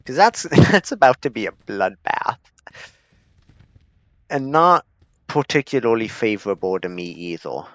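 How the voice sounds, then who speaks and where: Male streamer, slow unhurried talk, joking and chuckling, dry dull lo-fi mic. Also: lowish voice, expressive, fairly bright tone, dry recording. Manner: joking, chuckling, talks to his troops. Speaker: gaming streamer. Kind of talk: casual gameplay commentary.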